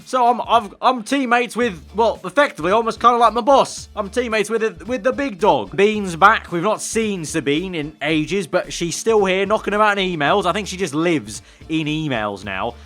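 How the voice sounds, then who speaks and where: A man's voice: high voice, lively intonation, normal speed, few pauses, fairly bright tone, faint music behind. A man commenting on his racing game as he plays, chatty with wry, sarcastic asides. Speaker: gaming video creator.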